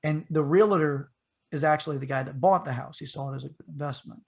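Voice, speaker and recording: A man with a fairly high voice, relaxed and conversational. He rambles through a story from his childhood, stopping to correct himself and slipping into the voices of the people he describes. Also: brisk, creaky. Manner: rambling, frequent restarts and asides, acts out the people in the story. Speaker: podcast co-host telling a childhood story. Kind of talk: casual storytelling.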